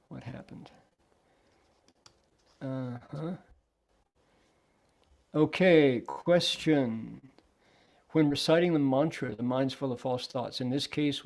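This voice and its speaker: A man's voice: medium pitch, creaky, a little mellow. A man, a Buddhist monk, gives a dharma talk on a sutra, puts questions to his listeners and acts out short exchanges. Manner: translates himself between English and Chinese; asks the audience questions.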